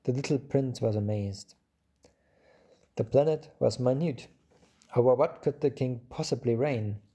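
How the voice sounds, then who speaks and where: Male audiobook narrator, calm and measured, with a gravelly, very dark voice. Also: mid-range voice. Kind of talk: storybook narration.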